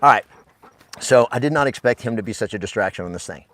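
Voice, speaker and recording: A man's voice: mid-range voice, animated, fast talker, a bit bright, no echo. A man giving a blunt, emphatic motivational talk as a real estate coach, swearing freely.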